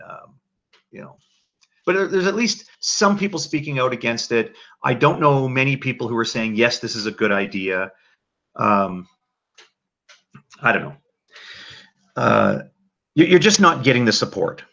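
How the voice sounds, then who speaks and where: Gravelly-voiced man hosting a livestream. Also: mid-range voice, measured pace, pauses often. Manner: animated, rambling, many restarts. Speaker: livestream host. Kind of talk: casual livestream commentary. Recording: dull lo-fi mic.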